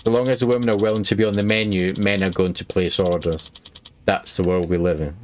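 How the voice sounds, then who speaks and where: A man's voice: low-pitched, fairly even intonation, brisk, slight background noise, close to an everyday voice. A Glaswegian man reading a cynical club boss. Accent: Glaswegian Scottish. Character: cynical male hostess-club boss reading his lines.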